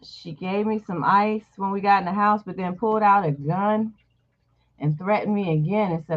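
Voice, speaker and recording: A woman's voice: medium pitch, moderate pace. Woman telling a blunt personal story. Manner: candid and blunt, swears freely. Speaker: channel host. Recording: dull lo-fi recording.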